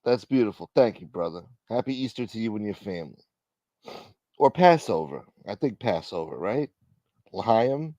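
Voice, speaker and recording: A man hosting a livestream as a mock preacher, loud, joking and animated, chatting casually to his viewers. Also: lowish voice, normal speed, no echo, highs cut off. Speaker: livestream host.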